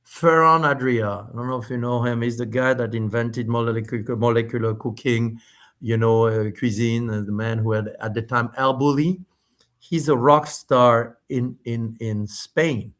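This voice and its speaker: Animated middle-aged man. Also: mid-range voice. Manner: animated, quick bursts with many restarts and fillers. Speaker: spirits company founder, podcast guest. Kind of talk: storytelling in a casual interview.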